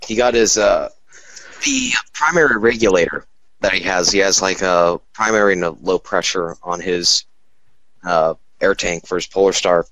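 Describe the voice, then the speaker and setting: A low-voiced man in casual chat, rambling along and stopping for fillers. The voice is close and dry with no room sound. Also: animated, normal speed, fairly bright tone, dry recording, rough recording.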